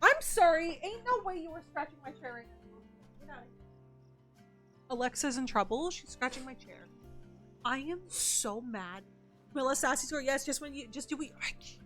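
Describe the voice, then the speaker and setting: A woman with a high, bright voice streams a game live over a headset mic. She chats casually with viewers, thanks them warmly by name, and swears in exasperated bursts when the game goes wrong. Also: lively intonation, normal speed, soft background music. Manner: profane, exasperated outbursts; thanks and greets chat members.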